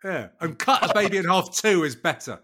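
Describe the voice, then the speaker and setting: A man's voice: high-pitched, lively intonation, a little fast, bright, forceful tone. A British man co-hosting a podcast, bantering in a jokey, self-mocking way. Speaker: podcast co-host. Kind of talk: casual comedic chat.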